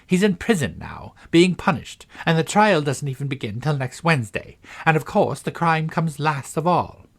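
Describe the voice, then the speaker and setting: A man's voice: fairly high pitch, very animated, normal speed, few pauses, voice pushed up. A man voicing a flustered, melancholy old queen in a storybook reading, fussy and helpless in manner.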